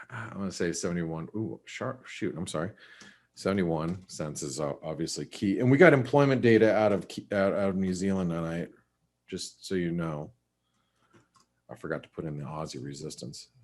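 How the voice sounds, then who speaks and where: A man hosting a live trading webinar, talking casually through currency levels and often thinking aloud with quick restarts and asides. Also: low voice, a little mellow. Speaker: forex market analyst.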